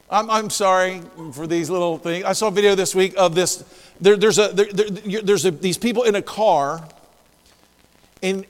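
A male pastor preaching a sermon, moving from quiet asides to shouted exhortation. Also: high-pitched, long reverb tail, rough recording.

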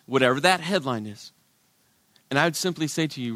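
A middle-aged male pastor preaching a sermon, his delivery swinging from loud, emphatic lines to hushed, quiet ones. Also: a little high, expressive, brisk, pauses often, no echo, studio quality.

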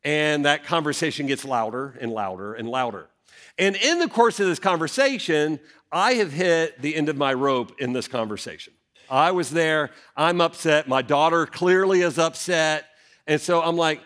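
A middle-aged pastor preaching, his voice sitting a bit high for a man and swooping widely as he tells a story. He dramatizes, rising sharply and then dropping low and quiet for effect. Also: moderate pace. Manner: animated, dramatic storyteller with big swings in pitch. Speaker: senior pastor. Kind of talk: sermon with personal storytelling.

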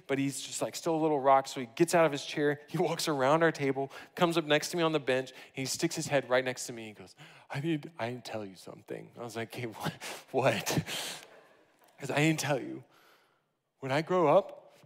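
A man in his thirties preaches from the pulpit, telling a story with animated energy and the odd laugh. His voice sits a little high for a man. The sound carries a long reverb. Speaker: pastor. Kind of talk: sermon.

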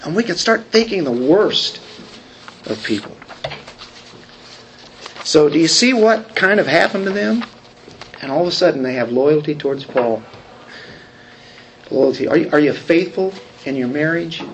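A man's voice: a little high, expressive, a little slow, long pauses, slight background noise. A man preaching a sermon, talking conversationally and asking the congregation questions. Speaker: pastor.

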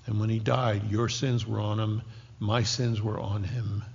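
A man in his sixties preaching a sermon, joking lightly at first and then dropping to a hushed, whispered intensity. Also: lowish voice, a little slow, vocal fry, husky. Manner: animated, jokey asides that drop to hushed, whispered intensity. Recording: dull lo-fi recording with long hall reverb.

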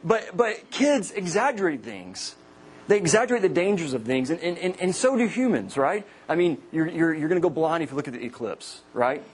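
A man in his thirties, a campus minister, preaching to college students with humorous personal stories and lively quoted voices. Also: fairly high pitch, normal speed, a little hiss or hum. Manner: joking storyteller, animated quoted voices.

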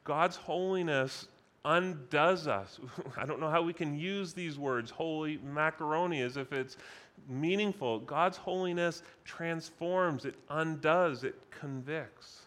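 A man preaching a sermon at a conference, deliberate and emphatic, repeating key phrases for weight. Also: a little high, a bit bright. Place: conference session.

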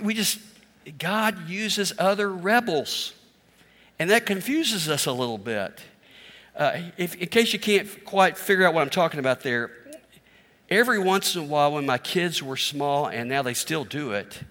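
A man's voice: fairly high pitch, moderate pace, a bit bright, in a large hall. A middle-aged male pastor preaching a sermon in a candid, self-deprecating, conversational way.

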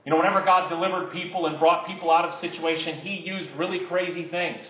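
A male pastor with a fairly high voice delivers a sermon, moving between easy conversational talk and forceful emphatic lines. His voice rings in a roomy church sanctuary. The recording is slightly dull. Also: fairly even intonation, fast. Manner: conversational, builds to emphatic bursts.

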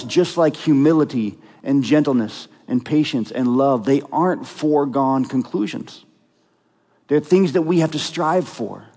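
A man's voice: on the high side, a little mellow, in a large hall. A man preaching a sermon as pastor, earnest and emphatic, asking his congregation rhetorical questions.

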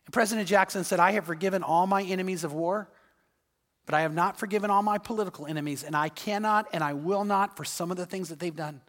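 A man's voice: high voice, fast talker, a bit bright, big-room sound. A male pastor delivering a sermon, earnest and storytelling, acting out the voices in his stories. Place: church sanctuary.

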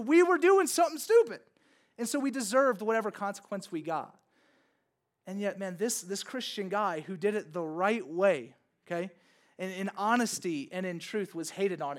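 High-pitched male pastor; relaxed, rambling storyteller style in a sermon. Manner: casual storytelling, lots of fillers like "like" and "okay".

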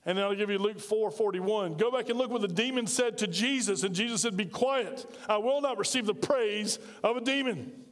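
A man's voice: high voice, normal speed, fairly bright tone, long reverb tail. A male pastor preaching a sermon, firing off emphatic rhetorical questions.

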